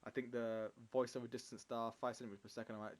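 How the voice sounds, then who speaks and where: A man's voice: medium pitch, little pitch movement, very fast. A man co-hosting a casual podcast, rambling and self-deprecating, laughing often. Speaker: podcast co-host. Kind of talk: casual chat.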